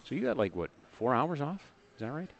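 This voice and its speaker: Lively, fast-talking male radio host. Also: mid-range voice, vocal fry, highs cut off. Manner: jokey, teasing, animated. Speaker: radio sports show host. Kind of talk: casual radio banter.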